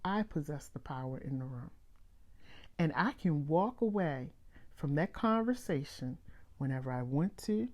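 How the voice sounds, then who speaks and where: A middle-aged woman hosting a live motivational talk, speaking emphatically with drawn-out phrases and reading viewer comments aloud. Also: sits low, animated, darkish tone. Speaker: host.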